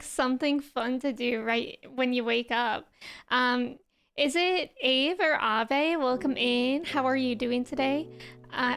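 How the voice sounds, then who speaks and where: A woman's voice: sits high, fairly bright tone. A young woman streamer with a just-woken morning voice, chatting casually and bubbly with her viewers, full of "um" and "like". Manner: chatty, bubbly, many fillers like "um" and "like". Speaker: streamer greeting chat. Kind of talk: casual live-stream chat.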